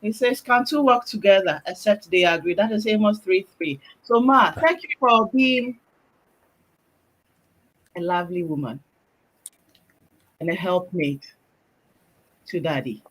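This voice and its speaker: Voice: medium pitch, expressive, a little slow, long pauses, fairly bright tone, poor audio. A co-host responding to the pastor and affirming what he says on a family talk show.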